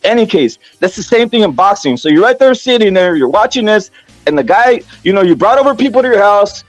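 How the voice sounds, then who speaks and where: A man's voice: sits high, animated, fairly quick, no room sound, faint music behind. A man hosting a casual boxing rant, profane, repetitive and heated. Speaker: boxing commentary channel host.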